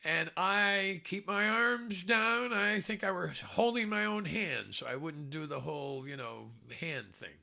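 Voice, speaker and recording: A man's voice: high voice, a little slow, creaky, hardly any pauses, bright, forceful tone. A man casually telling a self-mocking story, chuckling often as he talks. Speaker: storyteller recalling a film job.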